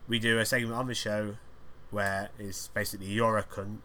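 A man's voice: on the low side, flat delivery, moderate pace, bright, forceful tone, slight background noise. A man hosting a podcast alone, rambling through crude, jokey banter in a casual chat. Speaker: podcast host.

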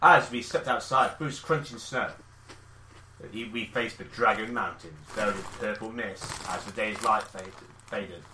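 A man co-hosting a comedy podcast, reading an article aloud in a deadpan way between banter. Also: fairly low pitch, measured pace, echoey room, a little hiss or hum, rough recording. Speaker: podcast co-host.

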